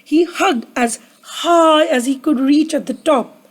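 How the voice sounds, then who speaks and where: Speaking slowly in a high register, a storyteller for children reads from a picture book despite a sore throat, inviting the kids to say words back with her. She is an adult who has a daughter, and the audio is poor.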